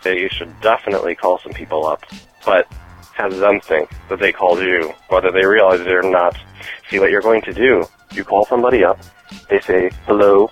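A man's voice: low voice, low-quality recording. A man leaving a call-in message for a podcast and earnestly walking through an idea step by step. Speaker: caller. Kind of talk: phone-in message.

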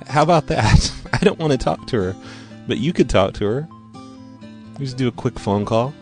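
A man hosting a show, talking in a low-key, rambling way. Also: lively intonation, normal speed, faint music behind. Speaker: host. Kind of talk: casual chat.

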